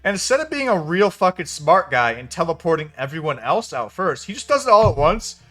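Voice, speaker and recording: A man's voice: fairly high pitch, very animated, a little fast, pushed and bright, soft background music. A man giving a casual spoken film review, venting in an exasperated, profane way. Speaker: movie reviewer.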